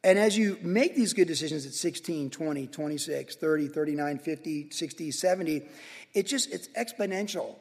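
A man pastor preaching a sermon in a church, energetic and casual, with slang. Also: fairly high pitch, moderate pace, vocal fry, in a large hall. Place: church sanctuary with congregation.

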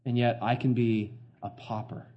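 A man's voice: medium pitch, little pitch movement, normal speed, lo-fi sound. A middle-aged man preaching a sermon as pastor, earnest and conversational, full of fillers and restarts.

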